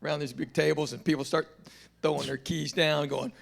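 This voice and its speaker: A man with a fairly high voice tells a road story with a comedian's timing. He swings his pitch and volume wide whenever he acts out what someone said. He sounds like a seasoned stand-up sitting on a roundtable panel. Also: level tone, brisk, gravelly. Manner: acts out quoted dialogue with big jumps in pitch and volume. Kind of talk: animated storytelling. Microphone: live stream panel mic.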